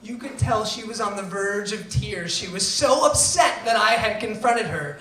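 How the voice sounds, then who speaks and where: A man telling a true personal story to a live audience, acting out quoted lines and swinging between hushed and loud delivery. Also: high-pitched, animated, moderate pace, a little hiss or hum. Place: event venue before an audience. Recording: roomy venue, voice from far off.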